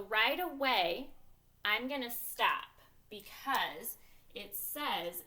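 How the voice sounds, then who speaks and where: Bright, upbeat woman teacher walking young kids through a reading lesson. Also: fairly high pitch, lively intonation, very slow. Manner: upbeat teacherly, talks to herself while writing.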